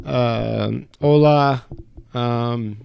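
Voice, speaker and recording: A man's voice: mid-range voice, very slow, creaky, a little mellow, slight background noise. A man co-hosting a podcast in casual chat, telling loose, profane stories and slipping into put-on voices. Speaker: podcast co-host. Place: home studio.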